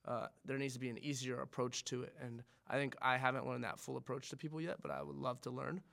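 Gravelly fast-talking man, earnest and rambling. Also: medium pitch, flat delivery, fairly bright tone. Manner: earnest, rambling, profane, many restarts. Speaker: podcast guest. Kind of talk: casual podcast chat.

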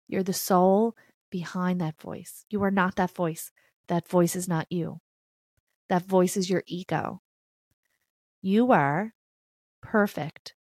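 A woman's voice: lowish voice, no room sound, studio quality. A woman hosting a podcast and giving an earnest, emphatic motivational spiritual talk. She repeats key phrases and swears bluntly in a casual way. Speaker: podcast host.

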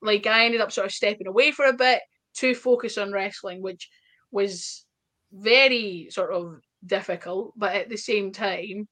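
A woman with a Scottish accent, a wrestler telling stories in a casual interview, chatty and full of quick asides. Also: medium pitch, fairly bright tone. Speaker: wrestler guest.

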